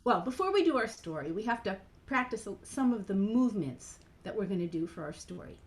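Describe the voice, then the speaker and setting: A woman's voice: mid-range voice, big pitch swings, a little fast. A woman cantor leading a playful children's program over a video call, animatedly guiding kids through movements.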